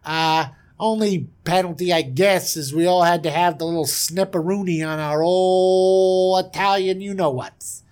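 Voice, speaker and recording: A man's voice: high voice, fairly even intonation, a little mellow, clean tone. Rambling, jokey young man telling a story. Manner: rambling, jokey, fast with fillers. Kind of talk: comedic improvised retelling.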